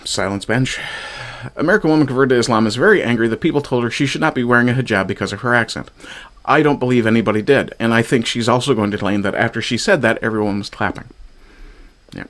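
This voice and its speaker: A man's voice: mid-range voice, fast talker, a bit bright. A man from Newfoundland giving sarcastic, profane reaction commentary on clips. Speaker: commentary streamer.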